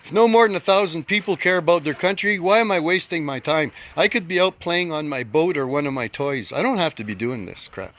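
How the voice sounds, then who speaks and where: A man's voice: a little high, expressive, fairly quick, few pauses, a bit bright. A man in his fifties, angry, giving a blunt and emphatic rant to his followers and repeating his key points. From Canada. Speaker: group leader addressing followers. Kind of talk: self-recorded social media rant.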